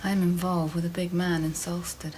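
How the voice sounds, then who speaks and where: A woman's voice: lowish voice, level tone, moderate pace, background noise, lightly acted. An actress playing a vain, secretive widow with a rich lover, frank and earthy in her confidences. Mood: confiding.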